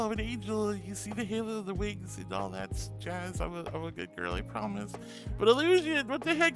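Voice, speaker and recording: A high-pitched man chats cheerfully on his livestream, calling his viewers sweetheart and honey. He reads their messages aloud and gushes over every gift. Clear music plays underneath his voice. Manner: bubbly, affectionate, calls viewers honey and sweetheart. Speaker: streamer. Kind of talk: casual livestream chat.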